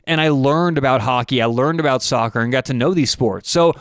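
A man's voice: medium pitch, fairly quick, a bit bright, smooth, no room sound, clean studio sound. A man hosting a sports betting talk show, rambling with restarts and asides. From United States. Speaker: sports betting podcast host. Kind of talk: casual talk with a read ad.

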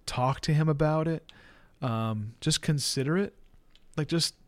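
A man preaching as a pastor, earnest and plain-spoken, reading verses slowly and deliberately. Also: a little high, no echo. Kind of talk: sermon teaching.

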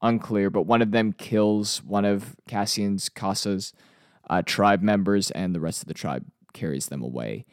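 A man hosting a casual TV episode review, chatty and relaxed with frequent fillers. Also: lowish voice, measured pace, smooth, no echo, studio quality. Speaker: TV review host.

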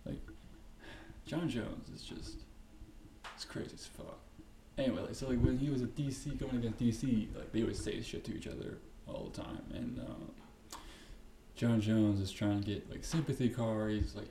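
Gravelly profane man ranting casually. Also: medium pitch, moderate pace. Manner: profane, rambling, animated storytelling. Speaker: podcast host. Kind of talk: casual solo podcast rant. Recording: echoey room with faint background noise.

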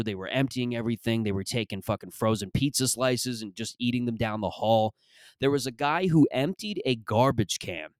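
A man's voice: medium pitch, no room sound, studio quality. A man in his thirties hosting a podcast, telling stories in a rambling, profane, comedic monologue. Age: 30s. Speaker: podcast host.

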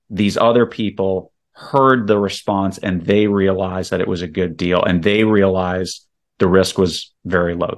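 A man guesting on a podcast, explaining sales tactics emphatically and walking through scenarios step by step. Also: deep voice. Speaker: real estate investor guest.

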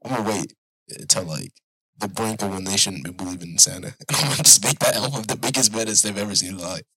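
Husky joking man on a podcast. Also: lowish voice, quick pace, dry recording, poor audio. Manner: animated joking storyteller who laughs often. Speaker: podcast co-host. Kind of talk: casual podcast chat.

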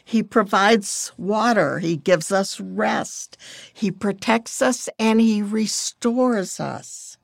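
An older woman giving a devotional teaching, reading scripture in a gentle, measured way. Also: mid-range voice, gravelly, no room sound, clean studio sound. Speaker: devotional speaker.

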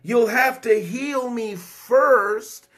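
A man's voice: very high voice, drawn-out words, a bit bright, voice pushed up, heavily acted. A man voicing a bedridden paralyzed man who doubts he can get up, pleading and protesting.

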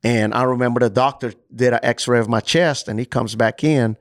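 A man, a coach, telling his own story as an interview guest, lively and acting out the dialogue. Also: mid-range voice, normal speed, dry recording, studio quality. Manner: animated, acts out dialogue. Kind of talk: personal storytelling in a podcast interview.

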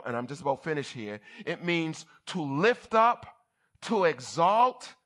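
A man preaching a sermon as a bishop, teaching word meanings and often asking "are you with me?", building to loud emphatic passages. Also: fairly high pitch.

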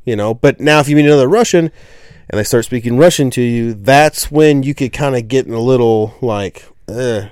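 A man's voice: mid-range voice, brisk, a little mellow, smooth, dry recording. Man, podcast host, rambling and casual, lots of fillers, dry close sound. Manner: rambling storyteller, many fillers. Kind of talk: casual chat.

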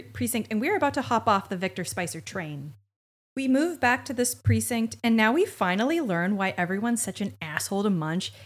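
Lively woman, incredulous podcast chat. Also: on the high side. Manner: incredulous, animated, acts out quotes. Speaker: podcast co-host. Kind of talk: casual recap chat.

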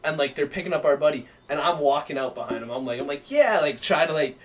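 A man's voice: on the high side, fast. Rambling young man telling a story. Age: young adult. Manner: rambling, filler-heavy, profane. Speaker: podcast guest. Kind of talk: casual storytelling.

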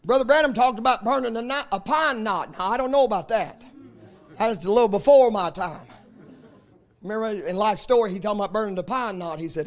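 Pastor, man, 50s, very high-pitched voice, emphatic preaching with repeated refrains. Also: brisk. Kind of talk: sermon.

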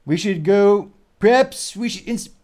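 A man putting on an impression of a blustery older male politician, loud and emphatic. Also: high-pitched, a little slow, pitched above the performer's own voice. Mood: bombastic.

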